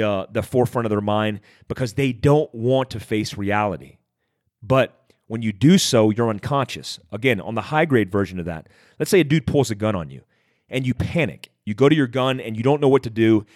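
A man's voice: lowish voice, lively intonation, brisk, darkish tone, dry recording, clean studio sound. A man hosting a podcast, talking directly and conversationally about handling stress, repeating phrases for emphasis. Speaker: podcast host. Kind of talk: motivational talk.

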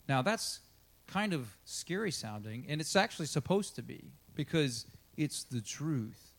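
A man's voice: medium pitch, lively intonation, moderate pace. A man preaching a sermon in a loose, conversational way, with frequent casual asides to the congregation. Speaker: pastor.

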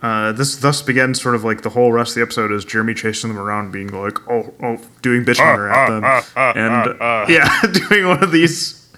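A man's voice: mid-range voice, fairly quick, bright, forceful tone. A man casually recapping a TV episode with friends, rambling and laughing as he goes. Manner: rambling, laughing, quoting characters in silly voices. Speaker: podcast co-host recapping a TV episode. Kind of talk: casual chat.

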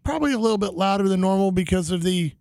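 A man telling a long anecdote in casual chat, animated and acting out the voices of people in the story. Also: high voice, racing, dry recording.

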